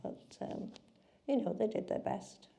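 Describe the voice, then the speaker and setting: A woman's voice: unhurried, dark tone. An older woman wryly recalling plain food from the past in an oral history interview.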